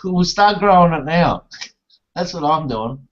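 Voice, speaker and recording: Crude, lively-voiced man on a lo-fi call. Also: a little high, unhurried. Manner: crude, swears often, jokey and blunt. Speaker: hangout participant. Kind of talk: casual group chat. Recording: dull lo-fi call audio with faint noise.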